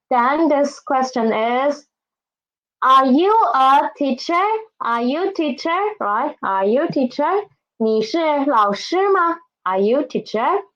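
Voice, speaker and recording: Patient, slow-talking woman language teacher. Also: on the high side. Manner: patient, repeats words and asks "right?". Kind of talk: slow, careful classroom instruction. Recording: dull, lo-fi recording.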